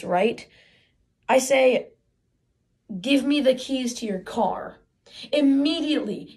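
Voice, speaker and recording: A woman's voice: a little high, darkish tone. A teenage woman playing an eager, aggrieved boy who brags that the sun is his father, in a chatty stage monologue with sarcastic asides. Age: teens. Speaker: student theater performer.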